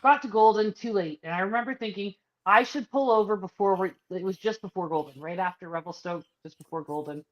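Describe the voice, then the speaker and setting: A woman co-hosting a podcast casually tells a personal story, swearing a lot and animatedly acting out other people's lines. Her mid-range voice is brisk with few pauses, and the recording has its highs cut off.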